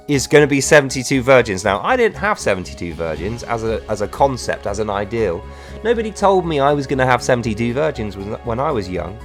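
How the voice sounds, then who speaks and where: A man's voice: medium pitch, a bit bright. A man hosting a comedic commentary monologue in a mocking, storytelling way. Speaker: host.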